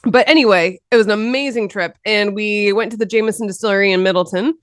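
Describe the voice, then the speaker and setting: A woman's voice: mid-range voice, fast talker, dry recording, clean studio sound. A woman co-hosting a casual podcast chat, playful and teasing. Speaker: podcast co-host.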